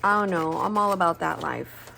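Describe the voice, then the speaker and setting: Low gravelly lady rambling about her planners, cusses a lot, bit of room hiss. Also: normal speed, sharp tone. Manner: candid, rambling, swears freely. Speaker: planner crafting vlogger. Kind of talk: casual chat while crafting.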